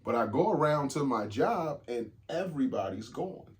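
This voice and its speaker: A man co-hosting a podcast, telling stories in casual chat, animated and swearing freely. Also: medium pitch, moderate pace. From Jamaica. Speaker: podcast co-host.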